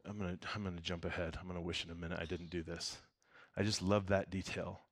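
A man preaching a casual sermon and reading scripture aloud. He talks conversationally, jokes and laughs often, and swings from soft, quiet passages to loud emphasis. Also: deep voice, little pitch movement, fast talker. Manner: conversational and joking, breaks into laughter. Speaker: pastor.

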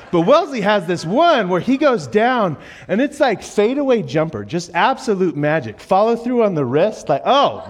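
A man preaching a sermon in a church, telling a funny story with lively acted-out quotes before turning to his teaching. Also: a little high. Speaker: pastor. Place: church auditorium.

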